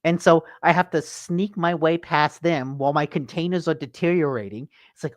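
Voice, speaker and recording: A man hosting a casual gaming podcast, an animated storyteller who swears freely. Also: fairly high pitch, normal speed, few pauses, dry recording. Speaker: podcast host.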